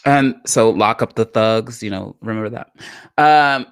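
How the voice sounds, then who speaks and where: A woman's voice: extremely low pitch, measured pace, smooth, no room sound, studio quality. A woman co-hosting a live talk show, chatting casually about politics and repeating phrases for emphasis. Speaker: podcast co-host.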